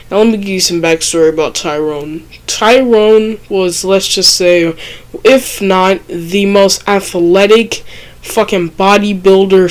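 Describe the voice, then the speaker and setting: A person telling a childhood story in a casual, rambling storytime vlog, swearing often and making self-mocking asides. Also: mid-range voice. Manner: rambling and profane, heavy use of fillers. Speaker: storytime vlogger.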